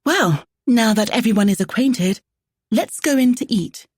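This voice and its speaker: A woman's voice: on the high side, animated, unhurried, no room sound, studio quality, pitched above the performer's own voice. A woman voicing a tart, proud painter lady. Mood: brisk. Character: proud, independent woman painter, quick to anger.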